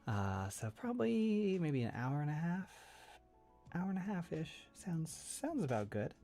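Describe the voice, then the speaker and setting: This streamer's voice sits fairly high for a man, warm and unhurried, with big swings in pitch as soft music plays underneath. Chatting loosely on his livestream close to the mic, he laughs often and rambles through fillers and false starts.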